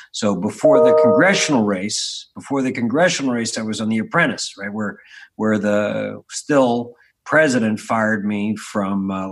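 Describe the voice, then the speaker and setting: His voice is on the low side, gravelly and husky: a Philadelphia man in his forties who runs a spirits business and is a guest on a podcast. During the interview he tells animated, casual stories, often restarting and swearing now and then.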